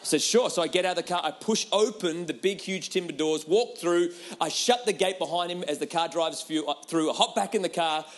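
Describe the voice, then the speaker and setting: A man's voice: on the high side, brisk, hardly any pauses. A man preaching a humorous sermon, telling a personal story with laughter and a repeated rhetorical question.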